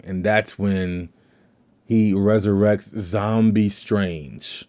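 A man's voice: lowish voice, fairly even intonation, slow pace, warm tone. A man hosting a podcast who casually recaps a movie's plot in a rambling way, retelling scenes with quoted lines. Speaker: podcast host. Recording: dull lo-fi sound.

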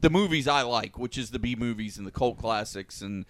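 A man hosting a casual chat show, talking in a halting way and repeating words as he gathers his thoughts. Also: mid-range voice, expressive. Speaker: show host.

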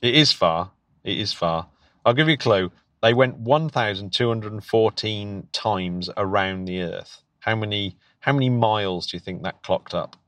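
A British man with a lowish, fairly bright voice talks at a moderate pace with few pauses, and there's no echo. As a podcast co-host and teacher, he chats eagerly and casually, restarting often and laughing frequently.

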